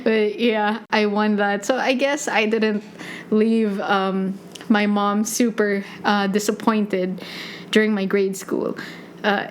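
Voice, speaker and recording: Medium in pitch with little movement, a young Filipino woman in her 20s takes her time telling personal stories on her podcast. There's slight background noise from her USB desk mic, and her chatty, self-mocking style is full of laughter.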